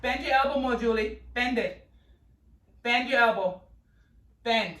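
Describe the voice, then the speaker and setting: A woman's voice: on the high side, a little slow, a bit bright. Upbeat fitness instructor woman, echoey studio. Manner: upbeat, cueing reps and counting down. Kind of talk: coaching a workout class. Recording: echoey room, voice from far off.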